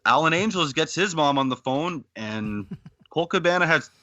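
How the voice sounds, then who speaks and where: Man from Canada, podcast co-host, very bright tone, dry lo-fi sound, casual recap. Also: a little high, lively intonation, normal speed, no room sound. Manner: retells scenes with quoted lines, laughing often.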